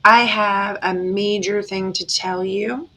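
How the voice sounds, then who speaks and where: A woman talking casually to her viewers as a tarot reader, animated and dramatic, often breaking into laughter. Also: mid-range voice, slow pace. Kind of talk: casual chatty reading to viewers.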